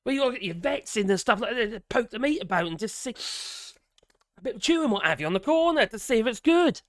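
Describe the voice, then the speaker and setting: A British man with a raspy voice giving casual, sarcastic commentary, exasperated and swearing freely. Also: very high-pitched, expressive, fast, no echo, studio quality. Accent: British English. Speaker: political commentator.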